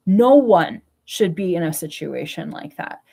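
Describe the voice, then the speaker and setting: A woman's voice: on the low side, expressive, unhurried, creaky, mellow, slightly rough. Blunt, swearing middle-aged woman venting. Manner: blunt, swearing, exasperated, laughing between words. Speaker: vlogger. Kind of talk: casual ranting monologue.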